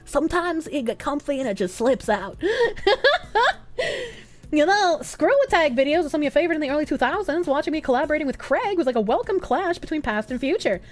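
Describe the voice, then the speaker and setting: A woman's voice: sits high, animated, fairly quick. A woman streaming live, chatting casually and reading donations, crude and giggly with bursts of laughter.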